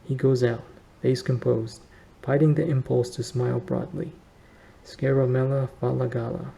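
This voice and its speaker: Gravelly, dark-voiced man reading a novel. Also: medium pitch, little pitch movement, unhurried, rough recording. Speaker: reader.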